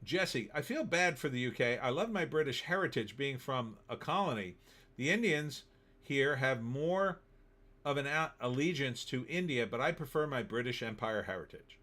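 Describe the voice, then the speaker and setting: A middle-aged man from New Jersey hosts a casual live stream, reading chat messages aloud and answering them in a sarcastic, off-the-cuff way. His voice is bright and forceful, and he sits at an ordinary middle pitch for a man. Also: animated, moderate pace. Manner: chatty, sarcastic, reads chat comments aloud. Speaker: livestream host reading viewer chat.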